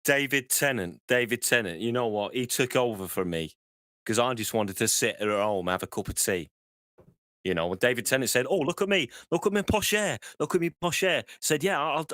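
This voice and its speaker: A man's voice: medium pitch, very animated, brisk, fairly bright tone, dry recording, clean studio sound. A man doing a grumpy Northern actor. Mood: grumbling. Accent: Northern English. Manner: grumbling, sweary, cheeky.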